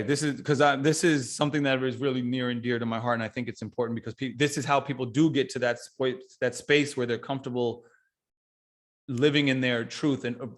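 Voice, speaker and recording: A man talking casually as a podcast guest, blunt and swearing freely, rambling with restarts and building into lively everyday examples. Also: medium pitch, brisk. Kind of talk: casual conversation.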